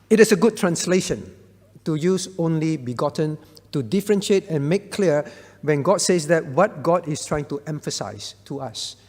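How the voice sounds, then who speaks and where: A pastor, whose male voice sits high, teaches a Bible Q&A session, working through a question for the congregation and frequently asking "all right?" A long reverb tail follows his speech.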